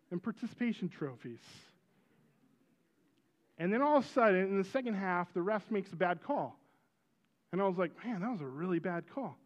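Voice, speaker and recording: Animated middle-aged man preaching a sermon. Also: high-pitched, highs cut off. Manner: animated storytelling, bursts of loud exclamation. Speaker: pastor. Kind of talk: sermon with personal stories.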